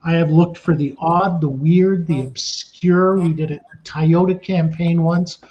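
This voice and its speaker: High-voiced man in his sixties telling stories. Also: measured pace. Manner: animated, acts out the scenes he describes. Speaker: casting director. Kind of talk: storytelling in an interview. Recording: dull lo-fi sound.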